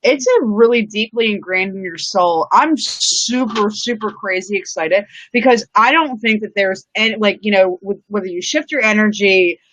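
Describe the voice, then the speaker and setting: A woman's voice: medium pitch, moderate pace, few pauses, fairly bright tone. A woman hosting a live-streamed chat outdoors, talking in a rambling, casual way full of "like" and "you know", with the odd swear word. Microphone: live-stream setup. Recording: dull, dry lo-fi sound.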